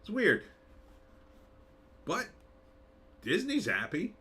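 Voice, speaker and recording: A man's voice: high voice, wildly swooping pitch, drawn-out words, bright, forceful tone. A man hosting a live commentary show, talking in a sarcastic, rambling way with wry asides. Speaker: show host.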